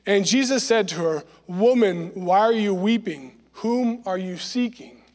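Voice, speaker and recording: Man, high voice, Bible study teacher, conversational scripture lesson, long hall reverb. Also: unhurried, a little mellow. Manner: conversational, frequent "right?" check-ins.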